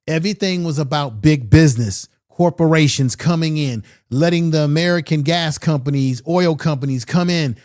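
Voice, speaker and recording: A man's voice: fairly high pitch, moderate pace, few pauses, darkish tone. A man giving opinionated political commentary with emphatic delivery and repeated rhetorical questions.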